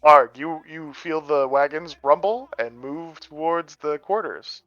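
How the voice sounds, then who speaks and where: A man's voice: on the high side, unhurried, fairly bright tone, no echo. A man from the American Midwest running a tabletop game as game master, narrating loosely with plenty of fillers. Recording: dull lo-fi audio, faint music.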